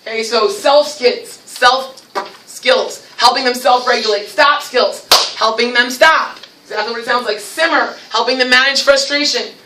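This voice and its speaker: A woman with a North Jersey accent leading a teacher training workshop, lively and acting out classroom scenes. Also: fairly high pitch, moderate pace, background noise. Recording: echoey room, mic from far off.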